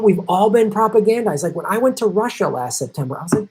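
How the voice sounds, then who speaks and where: A man's voice: high voice, lively intonation, fast, few pauses, mellow, slight background noise, poor audio. A middle-aged man hosting a political live stream, reading viewer chats in a blunt, sarcastic, profane way. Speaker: political show host.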